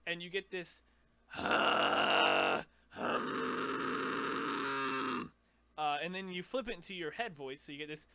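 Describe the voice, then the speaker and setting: A man talks through his vocal techniques in a loose, rambling way, now and then pushing out short screams to show what he means. His voice sits a touch high and comes across bright and forward. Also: fast talker, few pauses. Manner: rambling, demonstrates screams mid-sentence. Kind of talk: casual vocal tutorial.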